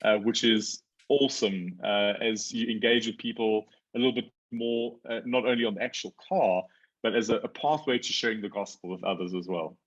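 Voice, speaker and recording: A man in his forties telling a story as a guest in a casual conversation, lively when he quotes others. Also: on the low side, normal speed, muffled recording.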